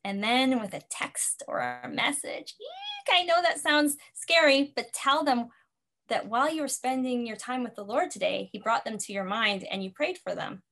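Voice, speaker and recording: A woman's voice: fairly high pitch, animated, normal speed, a bit bright. A woman ministry facilitator giving an earnest teaching talk, telling personal stories and quoting her own prayers.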